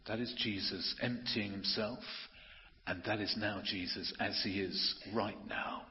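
A man preaching an earnest, emphatic sermon, slowing down to stress key phrases. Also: lowish voice, steady tone. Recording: muffled audio with long hall reverb.

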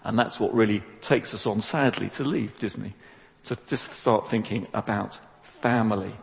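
A man's voice: on the low side, normal speed, gravelly. Guy giving a chatty sermon, long echo, kinda muffled sound. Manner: lively, conversational preaching with asides. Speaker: preacher. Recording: dull, echoey church recording.

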